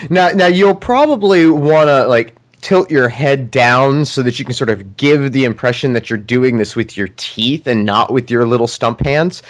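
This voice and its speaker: A man co-hosting a comedy podcast, adding deadpan, practical asides. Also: medium pitch, normal speed, few pauses. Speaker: podcast co-host.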